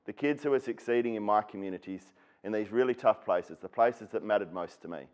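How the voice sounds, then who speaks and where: A man's voice: lowish voice, brisk, a little mellow. Earnest Australian man telling a story. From Western Australia. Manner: earnest storyteller who acts out quoted people. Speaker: speaker at an education symposium. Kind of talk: personal storytelling keynote talk.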